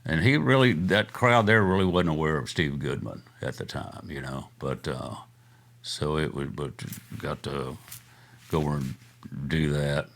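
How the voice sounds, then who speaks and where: A man's voice: a bass voice, unhurried, vocal fry, a bit bright. An older man, telling rambling, chuckling stories as an interview guest, full of fillers. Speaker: guest musician. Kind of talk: casual storytelling interview.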